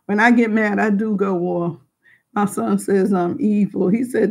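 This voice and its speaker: A woman's voice: medium pitch, fairly even intonation, a little slow, vocal fry, darkish tone. A middle-aged woman telling a personal story to a group, frank and emotional, rambling with many restarts and asides.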